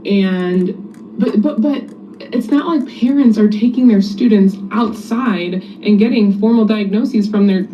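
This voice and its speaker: A woman's voice: medium pitch, unhurried. A woman speech-language pathologist talking to the camera, earnest and questioning, sounding frustrated about her work. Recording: dull, distant played clip with faint noise.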